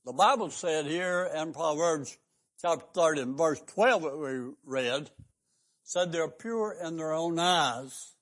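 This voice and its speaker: A man's voice: fairly high pitch, animated, takes it slowly, a bit bright. An older man, preaching a fervent sermon as a radio pastor and host, stressing his points with rising questions.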